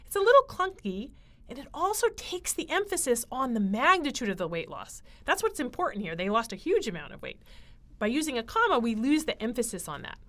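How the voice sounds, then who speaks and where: Woman writing instructor, animated pitch, explains patiently with ums and uhs. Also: a little fast. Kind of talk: recorded grammar lecture.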